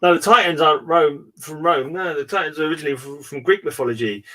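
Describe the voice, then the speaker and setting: A man with a fairly high voice chats casually as host of an online hangout. He rambles through his stories, restarts his sentences often and laughs easily. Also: fast talker, sharp tone. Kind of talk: casual chat. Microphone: remote call.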